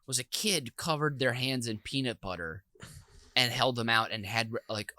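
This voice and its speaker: A man hosting a podcast, telling animated and profane stories in casual chat. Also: mid-range voice, moderate pace, no room sound. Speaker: podcast host.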